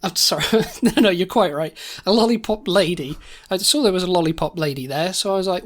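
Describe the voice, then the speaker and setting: A woman's voice: lowish voice, a little fast, few pauses. Rambling woman telling a comic story. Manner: rambling, laughing, many restarts. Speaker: podcast co-host. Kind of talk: improvised comedy storytelling.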